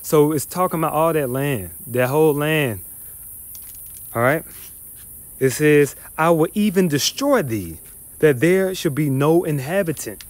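Brief: male scripture teacher, slightly high voice, profane and scornful, reads verses then rants. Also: lively intonation, unhurried, no room sound. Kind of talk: heated bible teaching.

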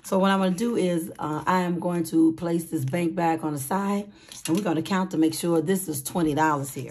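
A woman hosting a casual budgeting vlog, with a raspy voice and an upbeat, chatty manner, calling her viewers sweeties and honey. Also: on the low side, fairly quick, background noise. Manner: upbeat, excited. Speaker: budgeting channel host.

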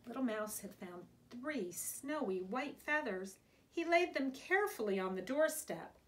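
Preschool teacher lady reading storytime, highish voice, sing-songy and slow. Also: expressive. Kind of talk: reading a picture book aloud to children.

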